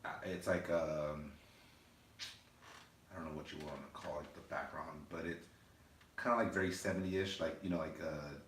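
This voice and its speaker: A deep-voiced man co-hosting a podcast, talking casually and hesitantly with many fillers. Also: steady tone, normal speed, long pauses, fairly bright tone, slight background noise. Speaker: podcast co-host. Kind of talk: casual chat. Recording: roomy echo, distant mic.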